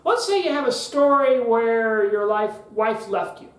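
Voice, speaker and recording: A man hosting a public speaking podcast, talking emphatically, repeating key phrases and leaving long pauses. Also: very high voice, animated. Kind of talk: instructional podcast talk. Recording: roomy echo.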